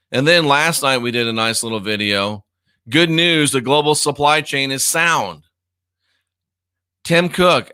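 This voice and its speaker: Sarcastic man with a bright voice. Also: medium pitch, clean tone, no room sound, clean studio sound. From United States. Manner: sarcastic, mocking, jumps between muttering and loud outbursts. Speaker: online show host. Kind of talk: casual livestream commentary.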